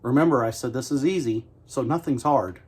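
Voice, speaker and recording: A man's voice: mid-range voice, fairly quick, darkish tone. A middle-aged man giving a casual, joking baking demonstration in his home kitchen, talking the viewer through each step in a folksy, self-mocking way. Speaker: homestead cooking host.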